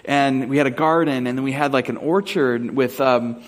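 A male pastor from Southern California delivers a sermon with a voice pitched neither high nor low. He tells stories in a relaxed, rambling way, full of fillers. When he asks his questions, he slows down and becomes earnest.

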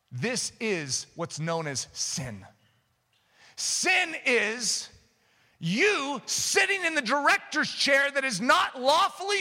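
Male pastor, sermon, very high voice, lively pitch, long hall reverb. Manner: animated storytelling with bursts of shouting.

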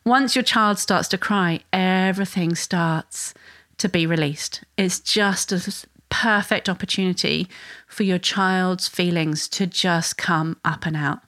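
A woman's voice: measured pace, a bit bright, no echo. Woman podcast host, conversational, acts out little quoted voices, dry close mic. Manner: conversational, acts out parent and child voices with rising pitch. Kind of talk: solo podcast explanation.

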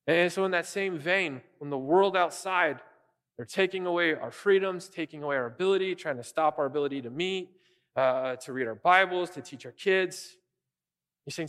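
A man preaching an earnest, animated sermon as pastor, often restarting his phrases. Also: a little high, normal speed, big-room sound.

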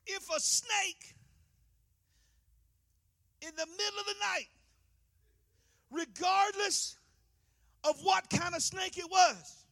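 A man preaching a sermon in a church. He swings from loud, impassioned passages to hushed ones. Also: extremely high pitch, slow pace, pauses often. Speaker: pastor.

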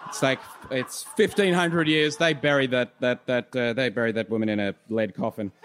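A man's voice: medium pitch, steady tone, fairly bright tone. Mock-earnest man giving a comic speech. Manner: mock-earnest, rambling with deliberate slips. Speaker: comedy debater. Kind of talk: live comic debate speech.

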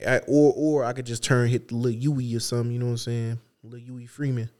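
A man co-hosting a podcast, chatting casually in loose slang, telling animated stories with acted-out quotes. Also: medium pitch, fairly quick. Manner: loose slangy speech with restarts. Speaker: podcast co-host. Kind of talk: casual chat.

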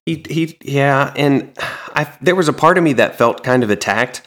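A man co-hosting a podcast, casually recapping a comic in a relaxed, meandering way with frequent ums. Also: mid-range voice, moderate pace. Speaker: podcast co-host.

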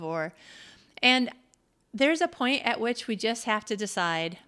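Bright-voiced chatty American woman. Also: a little high, lively intonation, measured pace, clear, resonant tone. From United States. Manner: chatty, self-deprecating, laughs often. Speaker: podcast host and author. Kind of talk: casual solo monologue.

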